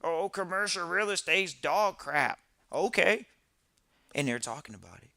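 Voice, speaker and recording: A man hosting a live podcast in casual talk, animated and repeating phrases for emphasis. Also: sits high, a little slow, gravelly, no room sound, clean studio sound. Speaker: podcast host.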